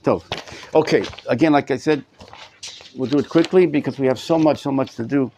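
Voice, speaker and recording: A middle-aged rabbi teaches a live class in a study hall. His voice sits at an average pitch for a man. He addresses the students in front of him and repeats words while gathering his thoughts. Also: brisk, dark tone, slight background noise. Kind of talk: live Torah class lecture.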